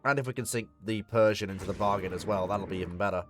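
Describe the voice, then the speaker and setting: A man's voice: lowish voice, fast, music in the background. A man commentating live on a naval strategy game, swearing and talking to the ships on screen. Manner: swearing, excitable, talks to the game. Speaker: streamer.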